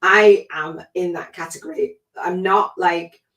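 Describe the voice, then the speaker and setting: Low-voiced middle-aged woman in an echoey room. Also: fairly even intonation, a little slow, fairly bright tone, distant mic. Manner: chatty and reflective, with many fillers. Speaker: spiritual life coach hosting a podcast. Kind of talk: casual spoken monologue. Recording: echoey room, voice away from the mic.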